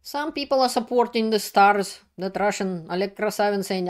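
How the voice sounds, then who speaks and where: Woman, political video commentary, emphatic and indignant, non-native English, mid-pitched voice. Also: normal speed. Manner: indignant, emphatic, plain-spoken.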